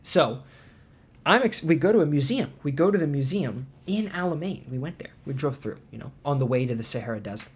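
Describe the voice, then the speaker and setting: Podcast guy ranting about a trip, gets all worked up, sarcastic, mid pitch. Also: a little fast, breathy edge. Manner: animated indignant storytelling with sarcastic asides. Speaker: podcast host. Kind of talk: casual chat.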